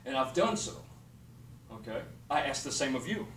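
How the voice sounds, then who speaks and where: A man's voice: medium pitch, very animated, normal speed, fairly bright tone. A man giving a blunt, profane motivational monologue, punctuating points with "okay" and "period". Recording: echoey room, distant mic, faint noise.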